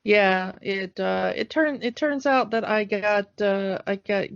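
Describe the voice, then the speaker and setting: A woman's voice: medium pitch, slow, vocal fry, no echo. A woman co-hosting a nostalgic podcast in casual chat, hesitant and full of fillers. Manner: hesitant, lots of fillers, laughs easily. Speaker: podcast co-host. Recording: dry, dull lo-fi podcast mic.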